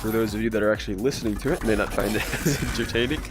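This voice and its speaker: Young man, hoarse worn-out voice, stuffy nose, rambling stream chat, clear music playing underneath. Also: on the low side, very fast. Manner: rambling, chuckling, talks to chat. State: hoarse, strained voice; congested. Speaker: gaming livestreamer. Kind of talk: casual livestream chat. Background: game music underneath.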